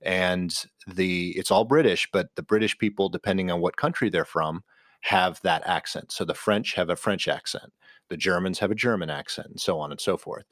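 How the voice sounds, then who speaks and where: A man's voice: low voice, normal speed, fairly bright tone, no echo, studio quality. A man co-hosting a podcast in casual chat, rambling and correcting himself as he eagerly recommends things. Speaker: podcast co-host.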